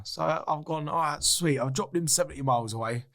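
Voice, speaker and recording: A man's voice: on the high side, brisk. A man, a podcast guest telling a personal story in a casual, candid way, swearing freely and acting out what others said. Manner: swears freely, acts out other people's lines; animated, excitable retelling.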